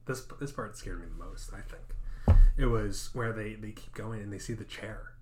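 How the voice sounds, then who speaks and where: A man co-hosting a podcast, casually recapping a horror film in animated storytelling that acts out quotes. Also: on the low side, normal speed, very noisy. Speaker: podcast co-host.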